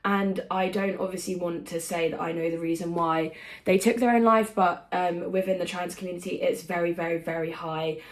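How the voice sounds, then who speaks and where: A woman's voice: fairly low pitch, fairly even intonation, a little fast. A young woman chatting casually while getting ready, emotional and effusive, swearing and saying "like" constantly. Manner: emotional, effusive, swears often, says "like" a lot. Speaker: vlogger. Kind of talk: casual get-ready-with-me chat.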